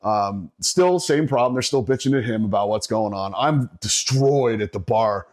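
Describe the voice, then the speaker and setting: A man's voice: on the low side, moderate pace, a little mellow. A middle-aged man from Northeastern Pennsylvania, a podcast guest telling a profane story in casual chat, laughing often.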